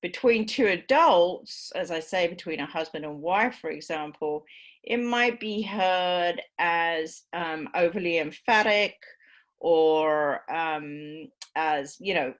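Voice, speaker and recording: Brief: low-pitched middle-aged woman lecturer, explanatory, filler-heavy delivery. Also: takes it slowly. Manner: explanatory, many fillers, acts out example phrasings. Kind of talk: university lecture.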